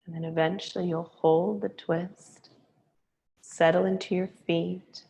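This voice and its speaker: A woman teaching a yoga class, giving slow, calm, soothing cues to her students. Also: lowish voice, vocal fry, rough recording. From Hawaii. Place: yoga studio.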